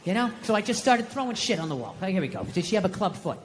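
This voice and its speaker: A man does stand-up on a big theater stage, spinning stories in an animated way and acting out his own inner voice. His voice sits high and moves at a quick pace, with slight background noise, live theater reverb, and a faint audience.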